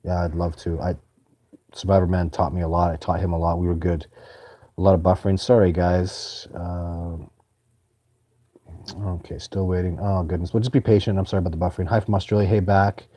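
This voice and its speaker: A man's voice: low voice, little pitch movement, brisk, dark tone, no echo. A man hosting a live stream, answering viewer questions in a casual, earnest and rambling way. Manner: earnest, rambling, many restarts.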